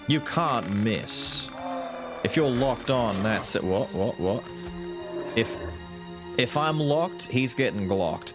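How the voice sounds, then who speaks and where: A man streaming a video game, giving casual commentary with crude, joking asides. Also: on the low side. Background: loud game music.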